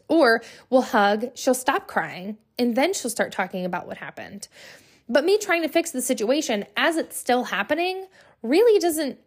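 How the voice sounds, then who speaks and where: Chatty young woman hosting a podcast. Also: mid-range voice. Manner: chatty, lots of "right?" and "like" fillers. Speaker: podcast host. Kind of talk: casual solo podcast talk.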